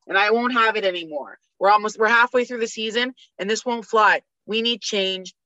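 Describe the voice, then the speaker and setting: A woman's voice: medium pitch, moderate pace, sharp tone. A woman talking sports as a podcast guest, ranting with energy and reeling off statistics. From Canada. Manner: fired-up ranting, rattling off stats. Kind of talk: casual sports chat. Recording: dull lo-fi dry recording.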